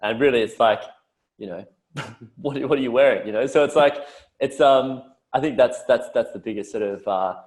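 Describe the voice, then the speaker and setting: A man's voice: mid-range voice, normal speed, darkish tone. A young Australian man in his twenties, a podcast guest chatting casually, swearing and mimicking mates in a broad voice. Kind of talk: casual interview chat.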